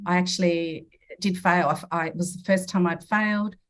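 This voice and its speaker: A woman's voice: lowish voice, fairly even intonation, fairly quick. A woman in her fifties, a podcast guest, telling personal stories in an earnest, reflective way. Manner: earnest, reflective, acts out quoted dialogue. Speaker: podcast guest, medium and mentor. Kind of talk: personal storytelling in a podcast interview.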